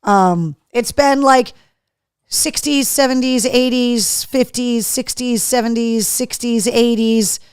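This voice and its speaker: A woman's voice: fairly high pitch, takes it slowly, clean tone, dry recording, clean studio sound. Chatty woman host on a live show. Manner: chatty, reads viewer comments aloud. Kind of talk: casual live-show chat.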